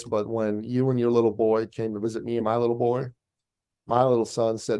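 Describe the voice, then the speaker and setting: Podcast guest: man, mellow warm tone, animated storyteller voicing others. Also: mid-range voice, brisk. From Canada. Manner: animated storyteller, acts out quoted voices. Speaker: business coach guest. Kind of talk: storytelling interview.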